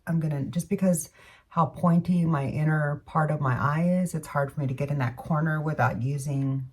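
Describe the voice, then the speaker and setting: Woman, low husky voice, rambling makeup-tutorial chatter, self-correcting asides. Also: fairly even intonation, normal speed, far from the mic. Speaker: beauty vlogger. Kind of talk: casual makeup tutorial chat.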